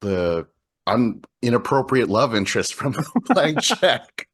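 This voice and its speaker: A man's voice: mid-range voice, very animated, takes it slowly, fairly bright tone, breathy edge. A man hosting a casual movie podcast, laughing often and swearing casually. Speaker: podcast host. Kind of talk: casual chat about movies.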